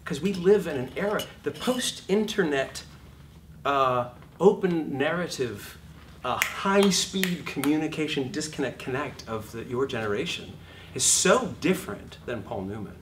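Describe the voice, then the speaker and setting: Animated man lecturing from across a room. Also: fairly high pitch, a little slow, recorded from a distance, slight background noise. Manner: swears freely, acts out scenes in lively put-on voices. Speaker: acting teacher.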